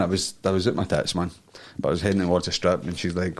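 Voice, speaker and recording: A man's voice: sits low, fairly even intonation, normal speed. A Scottish man co-hosting a podcast, telling a crude story in casual chat and laughing often. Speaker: podcast co-host.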